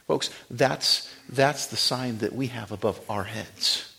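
A man preaching a sermon, dropping to hushed, near-whispered lines and then rising to loud, fervent preaching. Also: medium pitch, slow, vocal fry, husky. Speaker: pastor.

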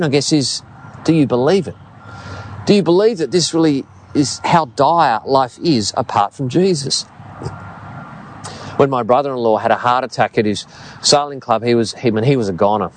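A man in his fifties with an Australian accent, preaching a sermon and telling stories in an earnest, expressive way. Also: mid-range voice, slight background noise. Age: 50s.

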